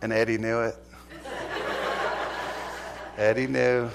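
A middle-aged male pastor preaching a sermon, swinging from loud exhortation to hushed, earnest appeals. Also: mid-range voice, lively intonation, moderate pace.

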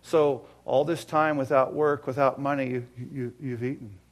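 A man preaching a sermon in a folksy way, swinging from hushed asides to loud, fervent passages. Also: mid-range voice, steady tone, moderate pace. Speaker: pastor.

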